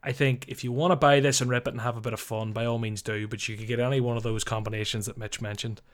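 A man's voice: medium pitch, little pitch movement, fast talker. A man co-hosting a casual podcast, opinionated and frank, laughing easily and swearing mildly. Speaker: podcast co-host. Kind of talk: casual chat.

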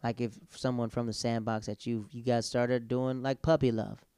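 A man's voice: medium pitch, normal speed, clear, resonant tone, dry recording, clean studio sound. A man in casual chat, telling stories with energy and acting out what people said. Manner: animated storyteller, acts out quotes.

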